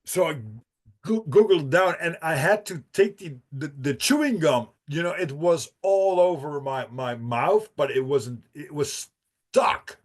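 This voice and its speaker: A man's voice: fairly high pitch, expressive, a little slow. A man, a podcast guest telling a profane, rambling story with laughs and restarts. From Netherlands. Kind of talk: casual storytelling.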